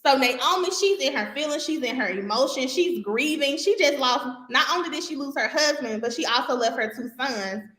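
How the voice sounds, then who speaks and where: A woman hosting a podcast and teaching from the Bible in a casual, animated way, talking straight to her listeners with colloquial asides. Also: sits high, moderate pace, hardly any pauses, reverberant.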